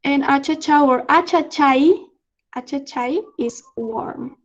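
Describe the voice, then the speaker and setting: Halting Peruvian woman, slow and high. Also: lo-fi sound. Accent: Peruvian Spanish. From Peru. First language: Spanish. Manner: halting, many fillers, laughs often. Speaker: student exchange presenter. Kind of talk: online slang lesson. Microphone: video call.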